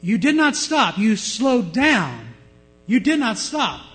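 A man's voice: fairly high pitch, animated, brisk, close to an everyday voice. A man voicing a firm, insistent police officer in a sermon anecdote. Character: stern male police officer.

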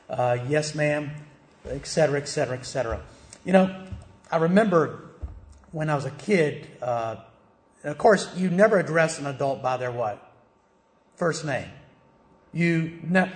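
A middle-aged man from the South, preaching a conversational sermon full of rhetorical questions. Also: fairly high pitch. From American South. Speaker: pastor. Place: church. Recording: echoey church hall.

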